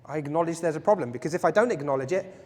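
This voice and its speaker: A man with a slightly high, somewhat mellow voice speaks very fast while teaching a self-defense workshop to a group in a large, echoey hall. His style is playful and jokey, with frequent questions to the audience.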